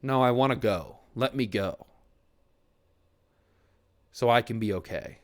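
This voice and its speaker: A man's voice: mid-range voice, measured pace. A young man streaming from his desk mic, talking earnestly and at length to his chat, with restarts and the odd swear word. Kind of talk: reflective casual talk to a stream chat. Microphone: desk mic at a computer.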